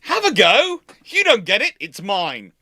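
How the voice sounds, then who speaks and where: A man's voice: high voice, huge pitch swings, measured pace, bright, forceful tone, pitched above the performer's own voice, full character voice. A man voicing a warship as an eager, obsessive submarine hunter that talks gleefully and possessively.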